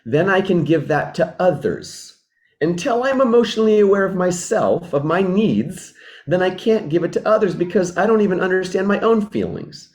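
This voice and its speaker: A man with a high-pitched, expressive, darkish voice talks at a normal speed as a relationship mentor. He teaches earnestly and reflectively, repeating and rewording his points and acting out sample exchanges.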